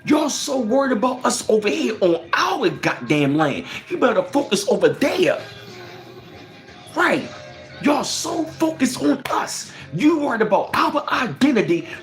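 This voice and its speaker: Animated, profane man ranting. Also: very high voice, unhurried, soft background music. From United States. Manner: profane and emphatic, firing off rhetorical questions; reads out viewer chat comments. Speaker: livestream host. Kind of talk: heated livestream commentary.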